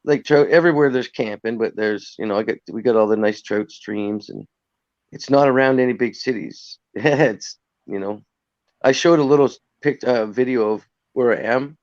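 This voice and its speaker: A man from Ontario hosts a relaxed chat and swears casually along the way. The sound is dry and a little dull and muffled. His voice sits in a middle range. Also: medium pitch, moderate pace, dry recording. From Ontario, Canada. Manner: laid-back, swears casually. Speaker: host of a live chat. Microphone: phone.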